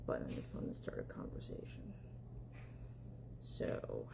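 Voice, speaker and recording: A woman's voice: a little slow, background noise. A woman live-streaming in a casual, chatty way, talking aloud as she tests an app.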